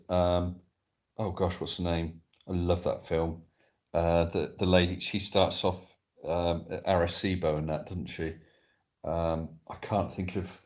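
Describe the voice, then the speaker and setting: Low-voiced man chatting casually on a live stream. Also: a little mellow. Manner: rambling, reads viewers' comments aloud and answers them. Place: sofa indoors at home.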